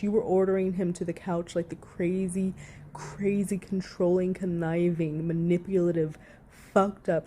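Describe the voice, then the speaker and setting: A woman's voice: fairly low pitch, warm tone, slight background noise. A woman giving heated, profanity-laced reaction commentary, sarcastic and indignant as she rants to her viewers.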